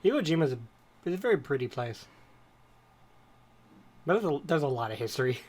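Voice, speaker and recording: With a slightly high, sing-song, somewhat mellow voice, this male podcast co-host talks a little fast. His casual chat drifts from subject to subject in a rambling, digressive storytelling style.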